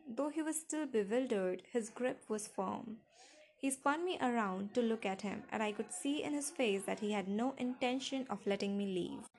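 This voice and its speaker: A woman narrating a first-person novel in an intimate, emotional storytelling manner. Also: medium pitch. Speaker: audiobook narrator.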